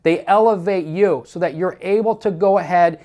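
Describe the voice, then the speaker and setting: A man's voice: high-pitched, moderate pace, mellow. A man coaching salespeople in a training talk, emphatic and repetitive, speaking straight to the listener with firm instructions.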